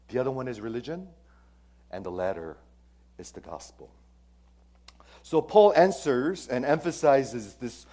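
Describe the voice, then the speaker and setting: A man preaching a sermon as pastor. He asks the congregation questions and swings between loud stressed phrases and hushed, near-whispered lines. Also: mid-range voice.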